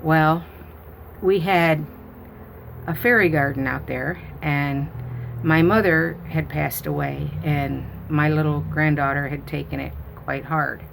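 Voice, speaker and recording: A woman's voice: sits low, fairly even intonation, slow pace, creaky, slight background noise. A grandmother chatting with viewers, telling rambling stories full of fillers. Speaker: grandmother and channel host. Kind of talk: casual storytelling to viewers.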